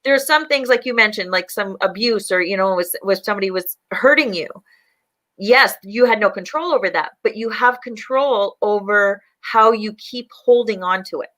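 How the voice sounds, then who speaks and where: A woman's voice: mid-range voice, moderate pace, a bit bright. A woman co-hosting a live discussion, talking things through thoughtfully.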